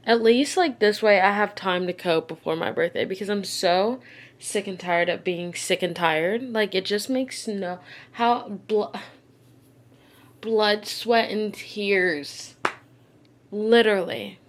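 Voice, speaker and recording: A woman's voice: medium pitch, slow, long pauses. A young woman vlogging casually, rambling in frustration with many fillers, close to tears and short of breath. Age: young adult. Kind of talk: casual vlog chat.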